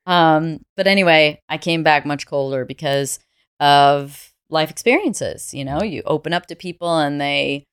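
A woman's voice: low-pitched, unhurried, clear, resonant tone, dry recording, clean studio sound. A woman from the United States, a podcast guest, telling her story in a reflective, candid way. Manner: reflective, candid, laughs easily. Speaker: interview guest. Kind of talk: conversational storytelling.

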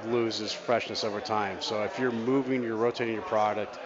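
A male radio guest explaining, with halting restarts, how beverage systems work. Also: on the low side, steady tone. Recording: muffled radio audio with a crowd behind.

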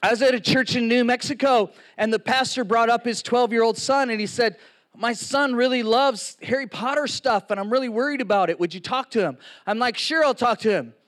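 A man preaching a sermon, telling stories with lively acted-out quotes. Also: very high voice, a little fast. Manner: animated storytelling with acted-out quotes.

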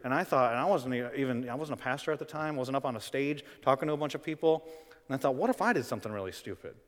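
Pastor, male, mid-pitched voice, delivering an animated sermon that rises to loud emphasis; recorded in a big hall with long reverb. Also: rapid-fire. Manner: swings from soft to loud, animated preaching.

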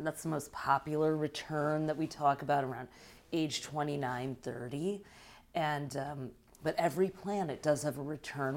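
Low-pitched female astrologer, explanatory and conversational. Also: darkish tone. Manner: explanatory, affirming with frequent mm-hmms. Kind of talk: casual conversation.

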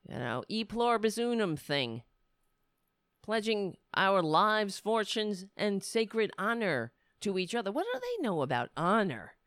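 A woman's voice: mid-range voice, very animated, unhurried, a bit bright, no room sound, clean studio sound. A woman commentator delivering an indignant, sarcastic rant. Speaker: political commentator.

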